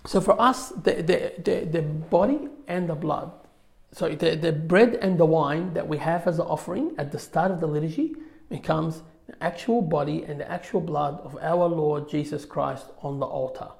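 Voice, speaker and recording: Guy teaching a church class off slides, kinda high voice, reads verses then riffs on them loosely. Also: moderate pace, gravelly. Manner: conversational, many fillers, reads scripture aloud. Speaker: religious teacher. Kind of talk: informal slide lecture on scripture.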